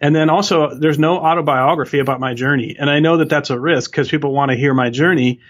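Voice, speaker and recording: A male author answering interview questions in an earnest, even way, laying out his ideas step by step. His voice sits a little higher than most men's. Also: fast talker. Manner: earnest, steady explaining. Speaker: author and guest.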